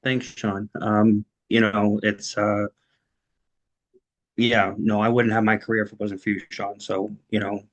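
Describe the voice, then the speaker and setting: A man speaking as a panel guest, telling his personal story in an emotional, halting way with many "you know"s. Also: lowish voice, little pitch movement, low-quality recording.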